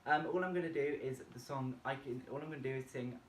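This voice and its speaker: A man presenting a vocal warm-up tutorial and explaining each step plainly. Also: mid-range voice, fast talker, a little hiss or hum. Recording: echoey room, distant mic, faint music. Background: faint backing music from a laptop.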